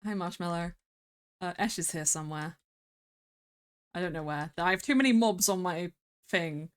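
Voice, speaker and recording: A woman's voice: lowish voice, moderate pace. A woman streaming a game, chatting casually, thinking aloud and laughing often.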